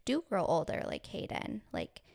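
A woman's voice: lowish voice, huge pitch swings, moderate pace, creaky, darkish tone. A woman in her thirties co-hosting a podcast, talking reflectively about her kids with plenty of "like" in her speech. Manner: reflective, lots of "like", fillers. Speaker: podcast co-host. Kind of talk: casual chat.

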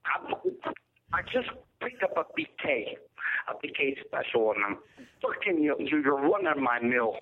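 A man's voice: medium pitch, sing-song, moderate pace, slight background noise. A man calling in to a talk show, ranting profanely, stammering and boasting. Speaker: caller. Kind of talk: angry prank-style call-in rant. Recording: tinny phone line.

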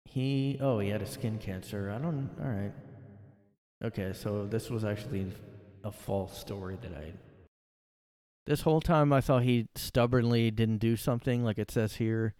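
A man's voice: lowish voice, normal speed, a little mellow, no echo, studio quality. A man hosting a solo podcast from his room, rambling and sarcastic, swearing freely and sniffly from allergies. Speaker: podcast host. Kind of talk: casual solo rant.

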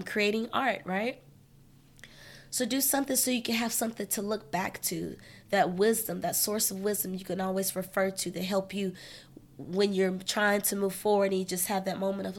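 A woman hosting a solo podcast, giving emphatic, conversational life advice with lots of repetition. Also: medium pitch. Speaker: podcast host. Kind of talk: motivational solo podcast talk.

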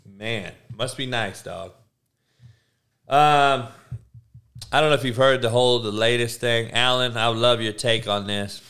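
A man's voice: medium pitch, a little slow, pauses often, fairly bright tone, clean tone. A middle-aged man ranting as a podcast host, blunt, sarcastic and heavy on profanity, often stammering through restarts. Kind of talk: profane rant.

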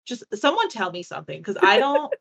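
A woman co-hosting a podcast, joking around in an animated, exasperated casual chat. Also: mid-range voice, brisk, vocal fry. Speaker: podcast co-host.

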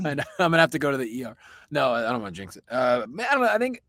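A man's voice: medium pitch, very animated, racing, fairly bright tone, no room sound. A man from Pennsylvania co-hosting a casual comedy podcast, telling rambling stories and laughing often. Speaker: podcast co-host.

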